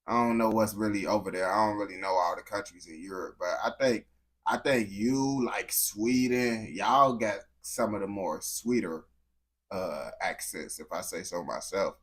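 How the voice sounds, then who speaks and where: A man's voice: on the low side, normal speed, breathy edge. A young man from the United States giving slangy, incredulous reaction commentary on a video.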